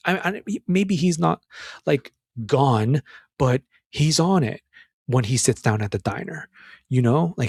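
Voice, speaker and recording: A man's voice: medium pitch, no echo, clean studio sound. A man giving a casual, earnest commentary on a film scene, emphatic and full of restarts.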